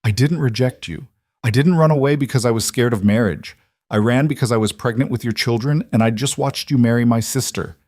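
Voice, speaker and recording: A man voicing a young woman who was wronged, speaking in a flat, clipped way. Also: mid-range voice, a little fast, no echo, studio quality, close to an everyday voice. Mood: defiant.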